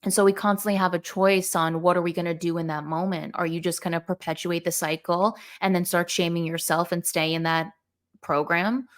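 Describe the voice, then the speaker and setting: A woman's voice: fairly low pitch, flat delivery, fairly quick. A woman in casual podcast conversation, sharing a personal story in a candid, reflective way.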